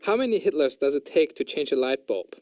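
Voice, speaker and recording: A man voicing a deadpan computer sidekick on a comedy show, dropping in robotic beeps as he reads out jokes. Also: on the high side, brisk, no echo, studio quality, lightly acted. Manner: deadpan, says beep beep. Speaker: co-host.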